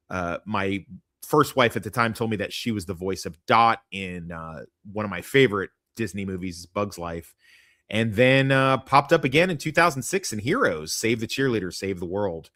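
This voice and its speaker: A man's voice: fairly low pitch, expressive, normal speed, a bit bright, dry recording, clean studio sound. A man hosting a podcast in casual, crude chat, rambling and joking at his own expense. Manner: rambling, self-deprecating, crude jokes. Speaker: podcast host.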